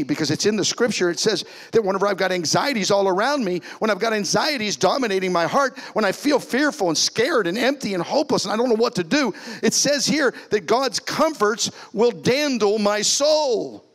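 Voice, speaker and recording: A man preaching as a pastor in a church, animated, swinging between loud calls and soft, hushed lines. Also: high-pitched. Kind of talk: sermon. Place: church sanctuary.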